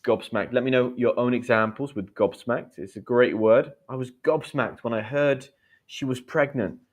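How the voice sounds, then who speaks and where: A man's voice: medium pitch, fairly even intonation. Chatty English teacher in his thirties. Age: 30s. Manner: chatty, explains slang with quick examples and acted lines. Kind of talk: live-streamed English lesson.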